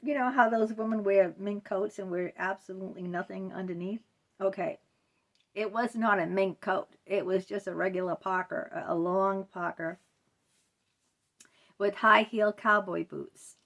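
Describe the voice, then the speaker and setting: A middle-aged woman speaks straight to camera in a personal storytime vlog. Her voice sits at a middle pitch, loose and conversational, full of fillers. She sounds indignant as she talks. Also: vocal fry, sharp tone. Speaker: vlogger.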